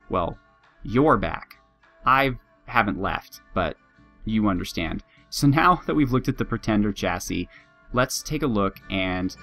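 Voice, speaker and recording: A man's voice: low voice, fairly bright tone. A man casually commenting on a strategy game, chatty and laughing at his own jokes. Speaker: game video host. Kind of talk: casual let's-play commentary. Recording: faint guitar music behind.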